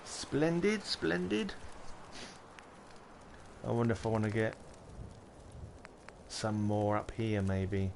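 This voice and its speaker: A man's voice: fairly low pitch, little pitch movement, measured pace, pauses often, a little mellow, slight background noise. A man, chatting casually on a game livestream and muttering to himself while he builds. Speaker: game streamer.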